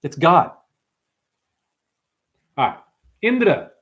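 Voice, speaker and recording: Brash, profane male livestream host with a slightly high voice. He rambles, addresses his chat as "honey". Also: big pitch swings, a bit bright. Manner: profane, brash, calls viewers honey and dumbass; jumps between topics, quick asides.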